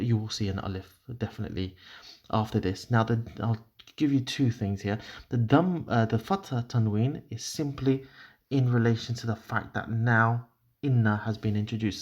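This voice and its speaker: Halting, low-voiced male grammar teacher. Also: a little mellow, muffled recording. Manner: halting, with many fillers and restarts, apologetic. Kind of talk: explaining grammar while writing on a board.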